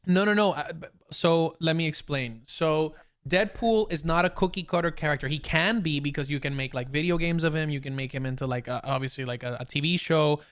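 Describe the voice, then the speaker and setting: A young man co-hosting a podcast over a video call, talking in an excited, rambling way with many restarts. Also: on the high side, brisk, few pauses, smooth. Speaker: podcast co-host. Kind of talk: casual chat.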